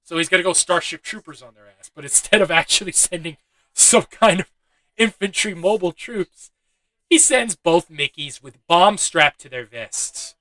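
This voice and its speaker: A man's voice: high-pitched, lively intonation, moderate pace, pushed and bright, no echo, low-quality recording. A young man giving a loose, chatty movie review, swearing freely and laughing at his own asides. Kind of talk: casual spoken film review.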